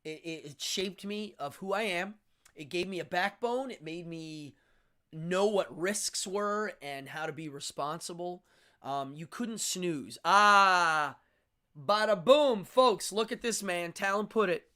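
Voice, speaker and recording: Animated middle-aged man hosting a livestream. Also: high-pitched, unhurried. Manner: animated and rambling, chatty asides to viewers. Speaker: livestream host. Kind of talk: casual livestream chat with viewers.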